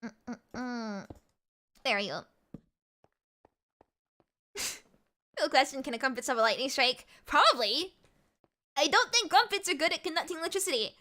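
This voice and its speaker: High, lively woman streamer. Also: moderate pace, long pauses. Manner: chatty, playful, rambling. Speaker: VTuber streamer. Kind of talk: casual livestream chat while gaming.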